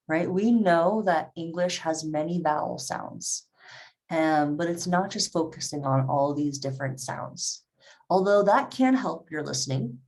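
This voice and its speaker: A woman teaching a live online English class, reading out learners' comments and encouraging them. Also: lowish voice. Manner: encouraging, reads chat comments aloud.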